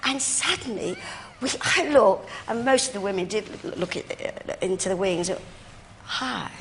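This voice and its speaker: Gossipy woman telling lively chat-show stories. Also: mid-range voice, normal speed. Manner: gossipy, animated storyteller who laughs often. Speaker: talk show guest. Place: TV studio. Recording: noisy old TV broadcast.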